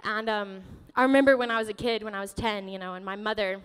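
A woman pastor preaching a sermon in a church, emotional and animated, laughing often as she tells stories. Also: medium pitch, fast talker, clean tone, long reverb tail. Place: church sanctuary.

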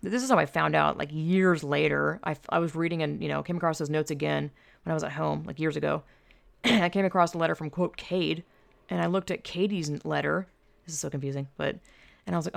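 A woman with a low voice and a gravelly, vocal-fry edge talks on her own in a loose, rambling way. She fills her sentences with fillers and swears freely, like an offhand chat. The sound is close and dry, with no room echo. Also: steady tone, quick pace. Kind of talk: casual storytelling monologue.

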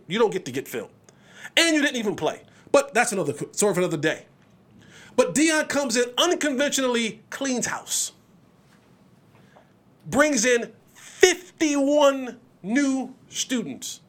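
This man's very high voice moves at a normal speed as he hosts his solo sports podcast, building his arguments emphatically and with lots of energy, often repeating words along the way.

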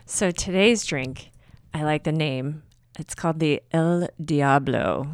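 A woman's voice: sits low, slow pace, smooth, no room sound. Easygoing woman podcaster, dry close sound. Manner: easygoing, laughs along. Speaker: podcast co-host. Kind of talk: casual podcast chat.

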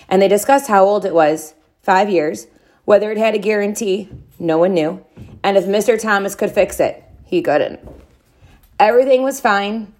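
A woman reading a children's chapter book aloud, with expressive, drawn-out storybook delivery. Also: medium pitch.

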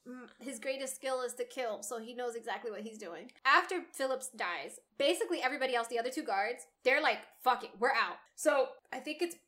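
Animated high-voiced woman recapping a book. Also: brisk, few pauses. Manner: animated, laughing, swears freely. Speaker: book club podcast co-host. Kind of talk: casual chat recapping a novel.

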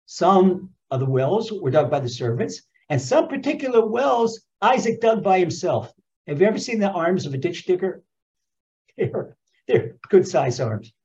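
Animated man telling scripture stories. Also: sits high, measured pace. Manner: repeats phrases for emphasis, stumbles and restarts. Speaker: Torah teacher. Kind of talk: animated storytelling lecture. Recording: dull lo-fi recording.

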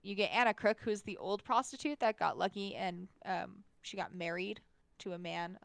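A woman's voice: medium pitch, moderate pace, creaky, a bit bright, no room sound. A woman co-hosting a casual movie podcast, often hesitating and stumbling over names while laughing. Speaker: podcast co-host. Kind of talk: casual chat about a movie.

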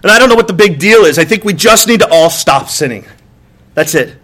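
Man, pastor, casual sermon, slightly high voice, rhetorical questions, sudden shouted bits. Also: lively intonation, fairly quick. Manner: conversational, acts out exasperated outbursts; frequent rhetorical "right?" and repeated words. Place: church.

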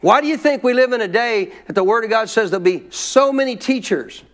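A man's voice: extremely high pitch, animated, a little fast. A man preaching a sermon in an emphatic way, repeating his points and calling for amens from the congregation.

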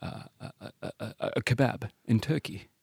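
A man playing a shy, bumbling romantic who stammers and speaks softly, in an improvised comedy bit. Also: mid-range voice, normal speed, vocal fry, slightly rough, dry recording, studio quality. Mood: apologetic. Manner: stammering, soft-spoken. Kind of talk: improvised comedy role-play.

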